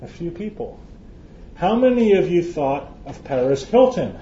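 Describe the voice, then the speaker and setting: A man's voice: a little high, very animated, measured pace, dark tone, a little hiss or hum. A man from Canada, giving a joking, chatty lecture to a live audience and often restarting his phrases. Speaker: conference speaker. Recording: roomy, dull hall recording.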